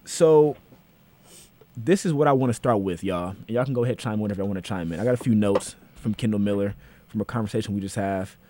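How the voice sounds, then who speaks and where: A man with a fairly low voice hosting a laid-back podcast. He talks earnestly and circles back over his words as he works out what to say. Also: quick pace, warm tone, slight background noise. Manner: earnest, repeats himself while gathering thoughts. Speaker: podcast host. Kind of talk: casual podcast chat.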